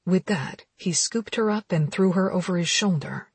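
A woman narrating a romance novel as an audiobook in steady, intimate storytelling. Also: fairly low pitch, normal speed, breathy edge, dry recording.

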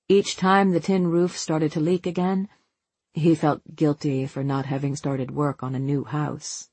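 A narrator reading a novel aloud in a slow, deliberate voice with a husky grain. The sound is dry and close, with no room around it, and the pitch sits in a middle range. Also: a little mellow, dry recording. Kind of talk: audiobook narration.

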